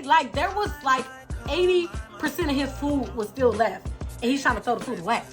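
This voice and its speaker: A young adult woman telling a storytime vlog in an animated, slangy way, talking straight to her viewers. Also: high-pitched, brisk, music in the background. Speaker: vlogger.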